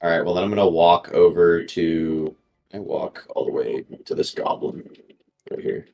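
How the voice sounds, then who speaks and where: A man's voice: low voice, moderate pace, a little mellow, a little hiss or hum. A man playing a tabletop game, planning his move in an easygoing, slightly hesitant way. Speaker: player. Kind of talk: casual tabletop play.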